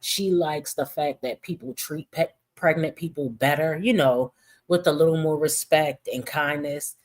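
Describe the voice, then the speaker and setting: A woman's voice: sits low, measured pace. A woman hosting casual livestream commentary, talking in a profane, mocking way.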